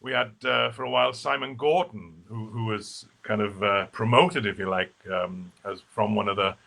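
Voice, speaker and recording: A man's voice: fairly low pitch, fairly even intonation, normal speed, creaky, bright, forceful tone. A man, a stage actor guest in a casual live video interview, who talks in a chatty, rambling way full of fillers and restarts. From Wales.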